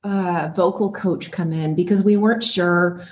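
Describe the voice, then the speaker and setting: Chatty laughing actress, faint hiss. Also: female voice, fairly low pitch, steady tone. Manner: chatty and laughing, quick asides. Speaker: voice and motion capture actor, guest. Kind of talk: casual interview chat.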